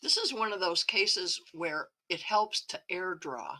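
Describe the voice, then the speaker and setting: A woman's voice: lowish voice, unhurried, sharp tone. A woman co-hosting a drawing lesson, adding brief comments and tips. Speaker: co-host. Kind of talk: casual chat during a lesson.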